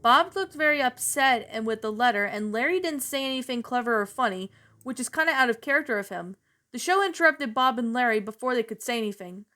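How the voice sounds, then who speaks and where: A woman reading a creepy story aloud in a plain, slightly halting way. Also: on the high side, expressive, sharp tone.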